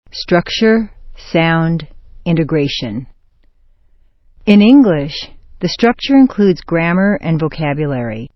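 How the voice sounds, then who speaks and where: A woman narrating an accent and grammar lesson in a slow, deliberate scripted delivery, stressing words in example sentences. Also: low-pitched, big pitch swings, dry recording. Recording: dull, dry studio voice-over.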